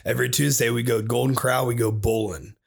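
Young male podcast co-host from Ohio, rough husky voice, loose swearing storyteller. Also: medium pitch, steady tone, fast. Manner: swearing, rambling, laughs often. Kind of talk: casual chat.

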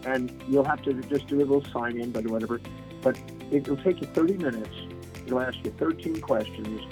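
A man's voice: mid-range voice, moderate pace, over music, poor audio. A man telling a story as a guest on a radio interview show, acting out the voices of the people in it. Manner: animated anecdote teller, acts out quoted voices. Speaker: guest speaker.

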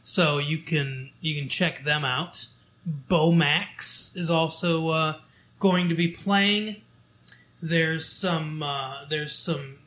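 A man's voice: on the high side, a bit bright. Man casually reading a newspaper aloud. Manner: reads aloud with halting fillers and restarts. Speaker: local show host.

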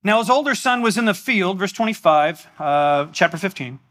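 A man preaching a sermon in a church, animated and exclamatory in a conversational way. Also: sits high, normal speed. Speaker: pastor.

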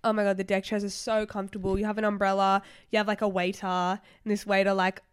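A young woman, chatting casually as a podcast host. She rambles through stories with plenty of fillers. Her voice is smooth and resonant. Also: medium pitch, little pitch movement, quick pace. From Australia. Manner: chatty, storytelling with many fillers. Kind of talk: casual chat.

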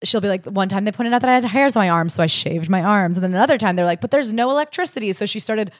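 A woman's voice: medium pitch, fast talker, no echo, clean studio sound. A woman co-hosting a casual chat, retelling a memoir with jokes and acted-out quotes. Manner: animated, jokey, acts out quotes. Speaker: podcast co-host.

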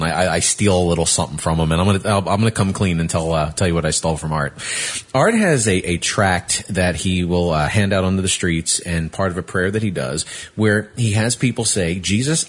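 Male interview host, very deep voice, husky, halting with fillers. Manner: halting, filler-heavy, affirming. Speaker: podcast host. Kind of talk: interview hosting.

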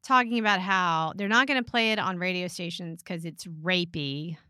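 A woman's voice: on the low side, normal speed, sharp tone, clear, resonant tone, no echo, studio quality. A woman co-hosting a podcast in a casual chat, blunt and profane as she argues her point. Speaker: podcast co-host.

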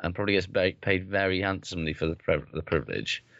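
A man's voice: sits low, lively intonation, quick pace, vocal fry, fairly bright tone, no room sound. A man co-hosting a podcast, talking sport in a blunt, sweary, opinionated way. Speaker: podcast co-host. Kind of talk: casual sports chat. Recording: dull lo-fi dry recording.

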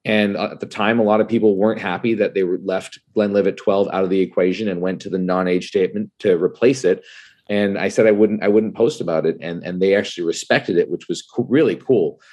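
A man in casual podcast chat, animated and laughing often, who calls people "dude". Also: deep voice, brisk. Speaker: whiskey content creator and spirits judge.

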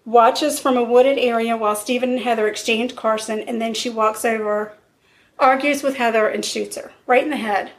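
Her voice is slightly high, her intonation fairly even, and her pace moderate. Hosting a podcast, the woman casually narrates a true crime case, blunt and conversational, frequently laughing.

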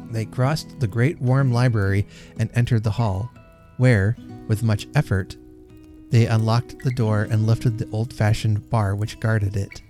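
Male storyteller, mellow and gentle, faint guitar under the reading. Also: medium pitch. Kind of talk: reading a classic story aloud.

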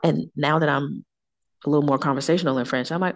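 Low-voiced, lively woman telling stories. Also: fast, gravelly. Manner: animated storyteller, acts out quotes, slangy. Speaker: wine tour guest. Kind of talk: casual podcast chat.

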